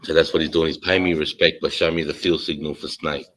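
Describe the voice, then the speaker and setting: Deep-voiced aussie bloke, middle-aged, swears a lot, just chatting. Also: male voice, little pitch movement, quick pace, fairly bright tone, slight background noise, rough recording. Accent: Australian. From Australia. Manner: swearing, blunt army-sergeant talk. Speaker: host. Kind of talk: casual chat.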